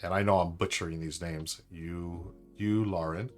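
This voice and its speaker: A man's voice: low voice, fairly even intonation, normal speed, faint music behind. A man hosting a live-stream trivia board game, chatting upbeat and thinking aloud to his viewers.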